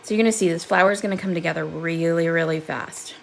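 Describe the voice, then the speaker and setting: A woman's voice: lowish voice, steady tone, quick pace, vocal fry, a little hiss or hum, poor audio. A woman hosting a live crafting demo. She chats with viewers and laughs often, seated at her craft desk. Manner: chatty and upbeat, laughs often. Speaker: crafting livestream host.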